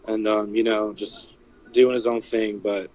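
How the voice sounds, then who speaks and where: A man telling what he witnessed in a casual livestream, halting and full of "like" and "you know". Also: lowish voice, flat delivery, darkish tone, highs cut off. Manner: halting, filler-heavy, many "like" and "you know". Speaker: eyewitness recounting an event. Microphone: phone.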